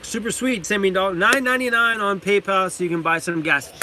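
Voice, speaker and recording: A man's voice: high voice, quick pace, background noise. A man hosting a casual livestream from inside his van, reading out viewer comments, laughing often and talking to his dog. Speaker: van-life channel host.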